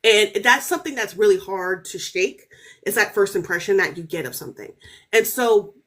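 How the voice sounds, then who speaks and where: A woman in her thirties, there as an author guest, tells a podcast story at a normal speed and medium pitch. The telling is loose and lively, sprinkled with "like" and "right?", with her voice bouncing up at exciting points.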